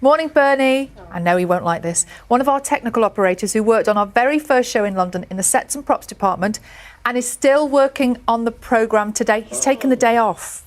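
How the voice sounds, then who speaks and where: A woman's voice: fairly high pitch, a little fast. A woman presenting a breakfast television show, teasing guests and introducing segments.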